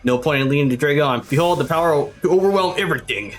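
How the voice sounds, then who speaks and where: A man's voice: fairly high pitch, fast talker. A male streamer reading in-game dialogue aloud during play, hammy and theatrical, often laughing at the characters. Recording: faint game music behind.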